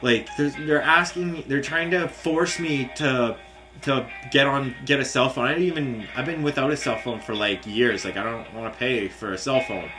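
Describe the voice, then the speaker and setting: A young man rants in frustration, swearing and stumbling through restarts as he mocks the voices of the people he quotes. His voice is bright and forceful, with faint music playing underneath. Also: medium pitch, normal speed. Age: young adult. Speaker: vlogger. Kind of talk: angry venting rant.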